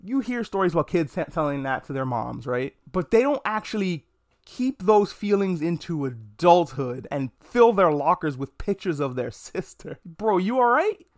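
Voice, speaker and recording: A man's voice: high voice, very animated, normal speed. A man hosting a casual anime review podcast alone. He talks frankly and jokes, with a lot of swearing. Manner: frank, profane, joking. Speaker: podcast host. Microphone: podcast mic.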